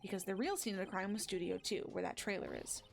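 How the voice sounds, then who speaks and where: Excitable young female sidekick, bubbly, pitched up, a woman doing the voice. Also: fast talker, vocal fry, soft background music. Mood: excited.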